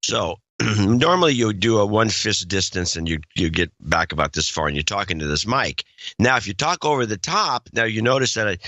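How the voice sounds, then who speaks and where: Older man with a cold, bright dry voice. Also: animated, moderate pace, no echo. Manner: plays with a deep sexy mic voice. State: has a cold. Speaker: podcast co-host. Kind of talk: casual banter. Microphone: studio microphone close up.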